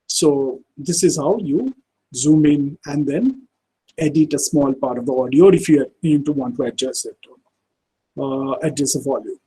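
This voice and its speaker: A man giving an online software tutorial, speaking haltingly with frequent fillers. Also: high-pitched, slightly rough, poor audio. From India. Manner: halting, many fillers like "uh" and "you know". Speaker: workshop instructor.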